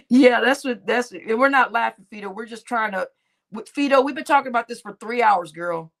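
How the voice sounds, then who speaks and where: A woman's voice: a little high, vocal fry. A woman hosting a livestream, chatting casually with viewers and a co-host, laughing often and calling the audience y'all.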